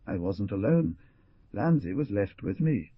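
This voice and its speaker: A man voicing a timid, gentle young woman who answers softly and pleads. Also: lowish voice, big pitch swings, measured pace, breathy edge, dry recording, heavily acted. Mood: pleading. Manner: soft, pleading. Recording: dull dry lo-fi recording.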